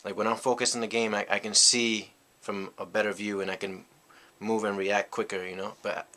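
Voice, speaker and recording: A young vlogger from the United States talks fairly quickly through a personal story. His deep voice holds a level tone, yet it sounds bright and forceful as he muses casually and returns to "you know" again and again.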